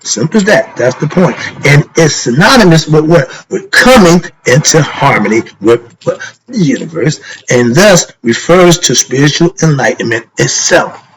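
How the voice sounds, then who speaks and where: A man's voice: a little high, very animated, normal speed, slight background noise, rough recording. Emphatic man teaching with rhetorical questions. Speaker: spiritual teacher. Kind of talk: informal spiritual lesson.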